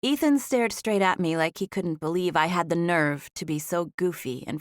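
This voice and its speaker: A woman narrating a romance audiobook in the first person, with expressive storytelling. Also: on the low side, moderate pace, hardly any pauses, no echo, clean studio sound.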